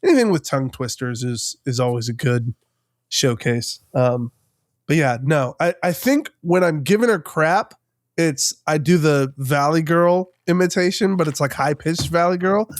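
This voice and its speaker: Co-hosting a podcast, this man chats casually at a normal speed, his voice fairly high in pitch. The studio-quality audio has no echo, and his talk wanders with many restarts and filler words.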